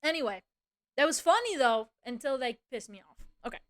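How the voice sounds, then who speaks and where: A woman's voice: high voice, big pitch swings, a little fast. A young woman streamer chatting casually, rambling through a story and swearing freely. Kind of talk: casual livestream chat.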